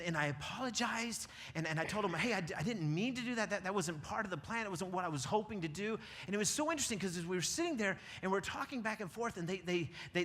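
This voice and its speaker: A man's voice: sits high, sharp tone. A man preaching a sermon as pastor, talking conversationally and often repeating his words as he starts a sentence. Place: church sanctuary. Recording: long church reverb.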